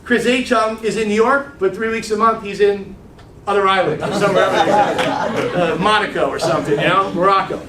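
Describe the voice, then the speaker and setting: A man giving a casual, animated business training talk to a group, blunt and swearing freely, often checking in with "right?". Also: sits high, fairly quick, background noise. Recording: echoey room, mic far off.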